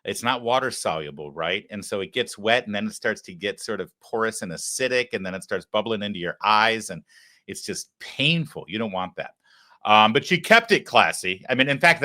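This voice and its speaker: A man's voice: lowish voice, expressive, normal speed, pushed and bright. Sarcastic male political talk host. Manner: mocking, wry asides.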